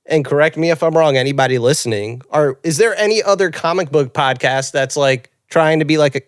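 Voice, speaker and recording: A man's voice: a little high, a little fast, smooth, dry recording, studio quality. A man co-hosting a podcast in casual chat, rambling and hedging with lots of "like". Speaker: podcast co-host.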